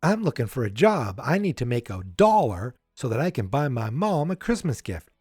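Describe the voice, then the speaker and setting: A man's voice: medium pitch, big pitch swings, normal speed, a little mellow, slightly rough, dry recording, clean studio sound. A man voicing an eager young boy who pleads earnestly for work. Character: eager poor young boy looking for a job.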